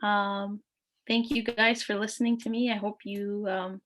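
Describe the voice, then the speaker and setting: A woman from Thunder Bay, Canada, leads a beginners' lesson with patient, unhurried speech. She says each new phrase twice, slowly, and fills her pauses with "um" and "uh". Her voice sits in an ordinary middle pitch. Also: little pitch movement, fairly bright tone. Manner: patient, repeats phrases slowly with many fillers. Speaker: language teacher. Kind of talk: online language lesson.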